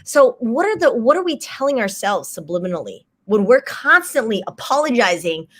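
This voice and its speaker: A woman guest who grew up in a Chinese cultural setting chats casually, her voice a little high and her speed normal. She animatedly acts out short quoted exchanges to explain her point.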